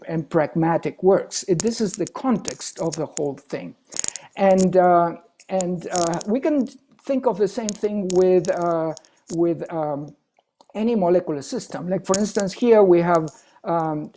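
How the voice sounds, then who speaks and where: Man, guest lecturer, mellow tone, halting delivery with frequent "isn't it?" tags. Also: sits high. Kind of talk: academic webinar lecture.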